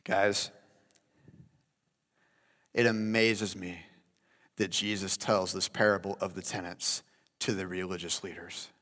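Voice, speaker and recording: A man preaching a sermon as pastor, animated and addressing listeners as guys. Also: low-pitched, slow pace, pauses often. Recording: long hall reverb.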